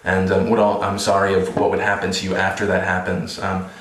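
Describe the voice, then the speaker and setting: A man's voice: low-pitched, completely flat delivery, brisk, fairly bright tone, echoey room, low-quality recording. A man in his twenties making a casual, sarcastic vlog, delivering a string of mock apologies. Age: 20s. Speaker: vlogger.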